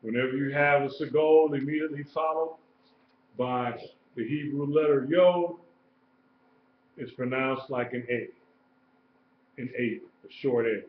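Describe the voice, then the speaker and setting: A man teaching a live-streamed lesson, explaining slowly and repeating key points. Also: mid-range voice, slight background noise. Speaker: Hebrew teacher. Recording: echoey room, dull lo-fi sound.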